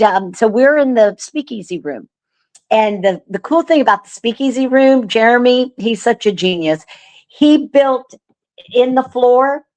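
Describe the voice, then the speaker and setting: A woman guest telling a story in casual chat, earnest and animated, with lots of fillers. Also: medium pitch. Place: remote call.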